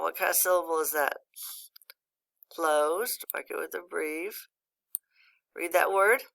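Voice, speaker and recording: A woman's voice: lowish voice, vocal fry, sharp tone. A patient woman teaching a phonics lesson to a young child, praising often and guiding each word step by step. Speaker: reading teacher.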